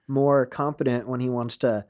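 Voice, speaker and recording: A man joking around on a podcast over a video call, animated and fond of quick impressions. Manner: animated, jumps into high-pitched character voices. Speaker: podcast co-host. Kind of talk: casual comedic chat. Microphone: remote video call.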